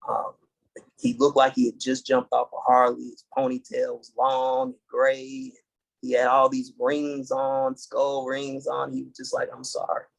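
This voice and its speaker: A middle-aged man from the United States, a podcast guest, telling his story in an earnest, halting way and restarting dates as he goes. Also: medium pitch, monotone, gravelly, poor audio. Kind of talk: casual interview storytelling.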